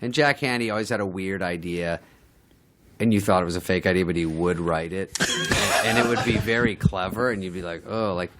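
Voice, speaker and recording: A man's voice: deep voice, a little fast, fairly bright tone, slight background noise. A middle-aged man telling comic stories on a podcast, swearing and mimicking people as he laughs along. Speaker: podcast guest, comedian. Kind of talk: casual storytelling chat.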